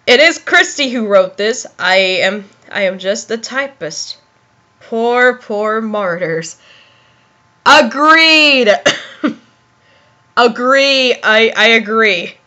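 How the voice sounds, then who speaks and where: A young woman reads a fan story aloud for comedy, breaking off to giggle and exclaim. Her voice is high and bright. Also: lively intonation, slow pace, lo-fi sound. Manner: giggly, exclaiming, self-interrupting. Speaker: reader of fan fiction. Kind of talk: comic dramatic reading.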